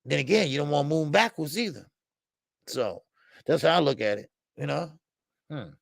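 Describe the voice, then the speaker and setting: Gravelly-voiced man hosting a boxing show. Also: on the high side, moderate pace, dry recording, studio quality. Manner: animated and emphatic, street slang, many fillers; chats with live viewers. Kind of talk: casual live-stream talk.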